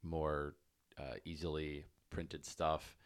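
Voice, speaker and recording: A man co-hosting a casual podcast, speaking in a dry, teasing way with halting fillers. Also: extremely low pitch, flat delivery, clear, resonant tone. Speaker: podcast co-host. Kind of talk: casual conversational chat.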